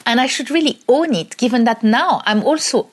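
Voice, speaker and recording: A woman with a French accent, a university lecturer from France, speaking in a hesitant personal testimony full of pauses and ums. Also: on the high side, expressive.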